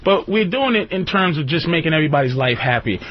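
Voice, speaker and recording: Profane, excitable male radio host. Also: on the high side, quick pace. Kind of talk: ranting call-in radio monologue. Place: radio studio. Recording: dull lo-fi radio recording with faint hiss.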